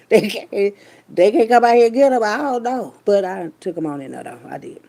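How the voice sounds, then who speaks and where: A woman's voice: medium pitch, lively intonation, brisk, creaky, mellow. A middle-aged woman telling a story to her listeners in a chatty, loose way. She uses heavy slang and calls her listeners baby and child. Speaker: vlogger. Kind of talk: casual storytelling monologue.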